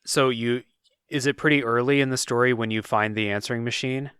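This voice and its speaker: A briskly paced man with a clear, resonant mid-range voice hosts a podcast, relaxing into a chatty retelling of a game's story full of filler words and repeated "like." There's no room sound, and the quality is studio-grade.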